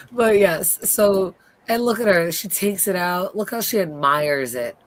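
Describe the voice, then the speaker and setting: A woman hosting a casual live recap, retelling scenes in an animated way and acting out the characters' lines. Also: mid-range voice, slow pace. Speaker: host.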